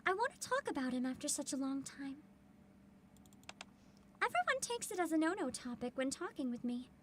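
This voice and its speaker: A woman voicing a gentle young female soldier who speaks softly about a loss. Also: sits high, sing-song, moderate pace, very noisy, voice pushed down. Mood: sad. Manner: soft, quiet and subdued.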